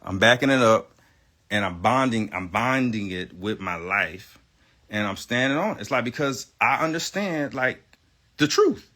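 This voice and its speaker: A man's voice: mid-range voice, animated, moderate pace, bright, forceful tone. A man on a livestream, ranting insistently in a rambling, profane way and repeating himself. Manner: emphatic, insistent. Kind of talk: livestream rant.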